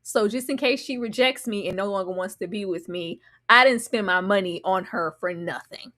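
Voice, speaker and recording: A woman recaps a reality show with animated, sassy commentary, frequently mocking the cast by putting on voices. She speaks at normal speed with a medium-pitched voice.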